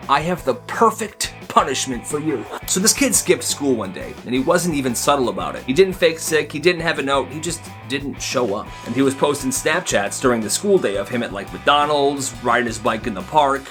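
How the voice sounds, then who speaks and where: A man narrating school stories in a casual, animated way, chuckling at his own tales. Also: mid-range voice, a little fast, few pauses, soft background music. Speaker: storytime narrator.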